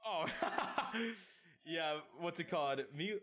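A young man live-streaming, reading out viewer messages in casual chat, excitable, with loud outbursts, swearing and a stutter with frequent restarts. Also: a little high, slow pace, highs cut off.

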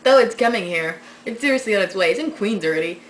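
A woman's voice: medium pitch, lively intonation, fast talker, a little hiss or hum, rough recording. A young woman vlogging at home, telling a story in a sarcastic, casual way with plenty of swearing, recorded on a webcam.

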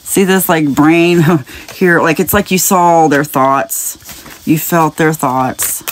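A woman's voice: sits low, fairly even intonation, takes it slowly, a little hiss or hum. Chatty woman giving a spiritual reading. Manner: chatty and rambling, with frequent light laughs; speaks directly to the viewer, wandering off into tangents. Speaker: spiritual message reader. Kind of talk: casual spiritual reading to camera.

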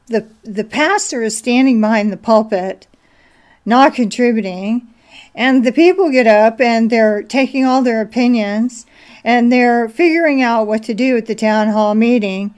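A woman's voice: on the high side, a little mellow. A woman giving an informal sermon, telling a story and exhorting listeners. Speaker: preacher. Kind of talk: informal sermon with a film anecdote.

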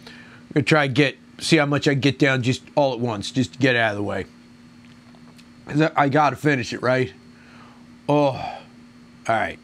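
A man's voice: mid-range voice, normal speed, long pauses, a bit bright, a little hiss or hum. Groaning, crude-talking man reviewing beer. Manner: groaning, crude, rambling complaints. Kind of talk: casual solo review.

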